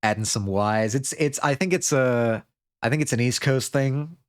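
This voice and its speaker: A man's voice: medium pitch, moderate pace, smooth. A man streaming a video game live, chatting casually, joking, laughing, and reading viewer messages aloud.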